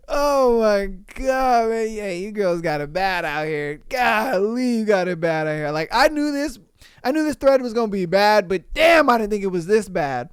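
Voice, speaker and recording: A man's voice: high-pitched, wildly swooping pitch, takes it slowly, clear, resonant tone, no room sound, clean studio sound. A man hosting a podcast, reading listener stories aloud and reacting with profane, incredulous comments. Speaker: podcast host.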